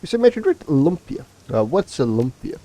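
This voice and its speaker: A man reading aloud the polite, calm lines of a male video game protagonist. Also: fairly high pitch, normal speed, pitched above the performer's own voice. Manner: reads the dialogue choices aloud.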